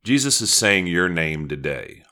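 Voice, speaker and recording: A man's voice: low-pitched, very animated, measured pace, sharp tone. A man preaching a conversational sermon, teaching from Scripture with prayerful asides. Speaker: pastor.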